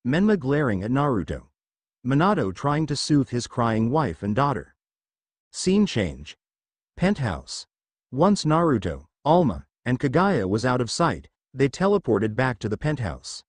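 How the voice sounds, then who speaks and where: Man reading fan fiction, lively pitch. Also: unhurried, dry recording. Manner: plain reading with frequent slips. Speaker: narrator. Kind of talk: amateur fanfiction reading.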